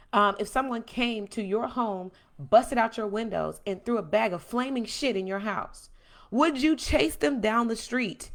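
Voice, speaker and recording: A woman hosting a podcast, giving a blunt, emphatic, preachy monologue that swings from calm to loud. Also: on the high side, vocal fry. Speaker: podcast host. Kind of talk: impassioned monologue.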